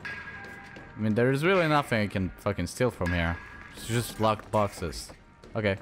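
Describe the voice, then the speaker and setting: A man commenting while playing a shooter game, excitable and swearing, often yelling at enemies. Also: medium pitch, normal speed, soft background music. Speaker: gaming channel host. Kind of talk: let's play commentary.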